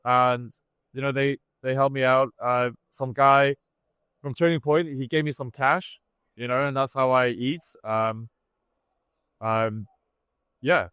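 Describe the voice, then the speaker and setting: A man's voice: medium pitch, fairly even intonation, takes it slowly, pauses often, a bit bright, clean tone, dry recording. A man from Britain, a guest on a livestream, talking in a rambling, casual way and laughing as he goes.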